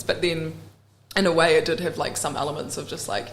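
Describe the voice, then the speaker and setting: A woman's voice: sits low, brisk, a little hiss or hum. A young woman with a New Zealand accent, chatting as a podcast guest, laughing often and acting out what people said, with many "like" fillers. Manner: animated, laughs often, acts out quoted exchanges, many "like" fillers. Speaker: podcast guest, rock band singer. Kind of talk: casual podcast chat. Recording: roomy echo with faint ambience.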